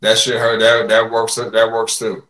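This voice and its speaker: A man guesting on a podcast, telling fight stories in animated casual chat, often repeating words as he starts a sentence. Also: on the low side, normal speed, echoey room.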